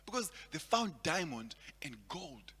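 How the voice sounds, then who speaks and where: A man performs stand-up comedy in a high, bright, very lively voice, stumbling over repeated words and chuckling at his jokes. His voice rings with a long reverb over a faint hum. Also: a little slow, slightly rough. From Zimbabwe. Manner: animated, repeats words, laughs at own jokes.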